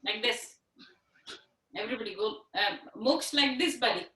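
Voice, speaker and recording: A woman teaching a children's yoga class over a video call, patient and encouraging, speaking slowly and clearly. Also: on the high side, lively intonation, bright, forceful tone, recorded from a distance. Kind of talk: online class instruction for children. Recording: echoey room on a video call.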